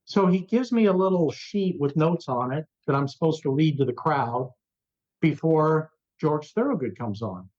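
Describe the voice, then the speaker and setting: Animated male radio veteran telling stories. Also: a little high, normal speed, highs cut off. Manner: lively, acts out quoted voices. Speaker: rock radio personality, interview guest. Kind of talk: animated storytelling in an interview. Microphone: remote interview over the internet.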